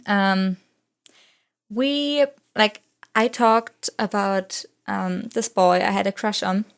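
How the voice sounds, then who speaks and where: A woman's voice: medium pitch, steady tone, slow, creaky, clear, resonant tone. Rambling young woman vlogger. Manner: rambling storytelling, full of "like" fillers; non-native English speaker. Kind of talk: casual chatty voice-over.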